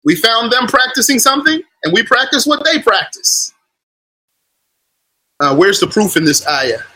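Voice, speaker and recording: A man delivers a religious lesson in a high voice. He argues point by point, voicing his opponents' claims before answering them. His tone is bright and clear, and he recites scripture in Arabic before translating it. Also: big pitch swings, moderate pace, poor audio. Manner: argumentative, quotes opponents then rebuts them. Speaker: religious teacher. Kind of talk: lecture on belief.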